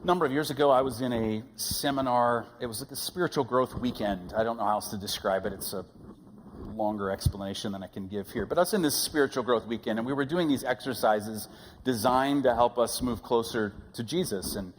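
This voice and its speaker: A middle-aged man preaching a sermon as pastor, telling stories in an animated way and acting out the voices he quotes. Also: medium pitch, a little fast, in a large hall, slight background noise, low-quality recording. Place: church sanctuary.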